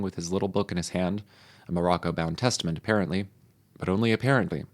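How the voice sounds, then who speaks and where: A man reading historical texts aloud in a measured, even manner. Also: sits low. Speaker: reader.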